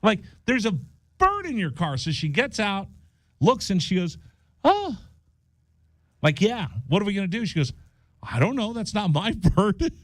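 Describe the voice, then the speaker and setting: A man's voice: high-pitched, normal speed, long pauses, no echo, studio quality. A man hosting a radio show, chatting casually and acting out the people in his story. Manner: animated, acts out voices in his story. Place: radio studio.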